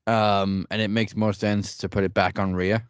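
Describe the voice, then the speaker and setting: A man co-hosting a wrestling podcast, calmly breaking down the matches in a measured, analytical way. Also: lowish voice, clear, resonant tone, no echo, highs cut off. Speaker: podcast co-host. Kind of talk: casual chat.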